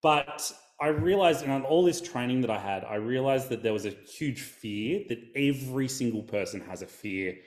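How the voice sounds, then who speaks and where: Aussie guy chatting on a podcast, lively pitch, tells stories, echoey room. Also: moderate pace, few pauses. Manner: animated, storytelling, acts out quotes. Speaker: guest, video coach. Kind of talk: casual podcast interview.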